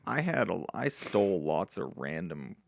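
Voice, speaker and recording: A man guesting on a podcast, giving reflective advice in a relaxed, meandering way with frequent restarts. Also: low voice, measured pace, vocal fry, a little hiss or hum. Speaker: podcast guest, recovery mentor.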